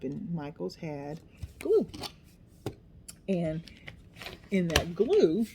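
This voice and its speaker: A woman's voice: low-pitched, dark tone, slight background noise. A middle-aged woman chatting casually as she works on a craft project, rambling and poking fun at herself as she goes. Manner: chatty, self-deprecating, talks to herself while working. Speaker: craft vlogger.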